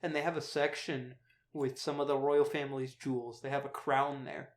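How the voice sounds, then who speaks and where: A young man co-hosting a casual film podcast, relaxed, making dry jokes and laughing easily. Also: mid-range voice, normal speed, reverberant. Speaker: podcast co-host.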